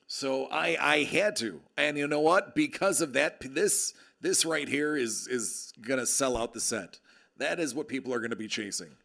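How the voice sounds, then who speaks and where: A man with a gravelly, fry-edged voice chats on a live stream in a projected, radio-style delivery. He sits close to a desk microphone, joking and reading out viewer comments at an everyday pitch. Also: normal speed, sharp tone. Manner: jokey, chatty, reads out viewer comments. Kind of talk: casual live-stream chat. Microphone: close desk microphone with level meter.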